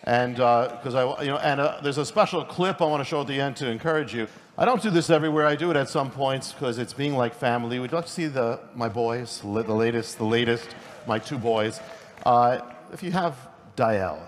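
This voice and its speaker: A middle-aged man preaching at a conference in a quick, conversational way, often restarting his sentences. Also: mid-range voice. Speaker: pastor and speaker. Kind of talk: conference sermon. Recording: long hall reverb, faint noise.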